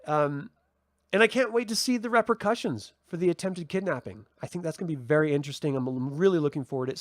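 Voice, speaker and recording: A man's voice: fairly high pitch, no echo, studio quality. A man hosting a casual solo TV review, chatty and rambling, with fillers and restarts. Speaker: TV review host.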